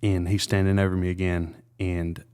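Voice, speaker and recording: Man, very low voice, earnest, halting, many restarts, interview storytelling. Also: little pitch movement, a little mellow, smooth. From South Carolina. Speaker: realtor, interview guest. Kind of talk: candid personal story in an interview.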